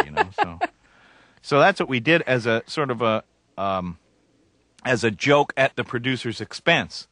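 A man's voice: mid-range voice, lively intonation, measured pace, fairly bright tone, dry recording. A man from Canada, a comedian guest telling stories in a wry, rambling way with chuckles. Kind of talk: casual interview talk.

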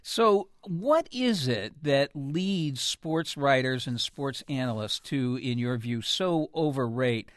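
A man hosting a public radio news interview from a studio, asking brisk, lightly wry questions. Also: mid-range voice, expressive, dry recording. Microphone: studio mic.

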